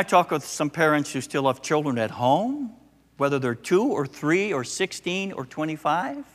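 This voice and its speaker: Older male pastor, bright and very lively delivery, long church reverb. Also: on the high side, unhurried. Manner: animated storytelling, acting out quoted voices. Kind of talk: sermon.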